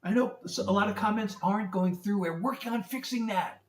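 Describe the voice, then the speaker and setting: Hosting a music livestream from home under a ring light, a singer-songwriter speaks briskly in a high voice, far from the phone mic in an echoey room. He keeps things casual, greeting viewers by name while fumbling with the setup, his voice heard off the mic.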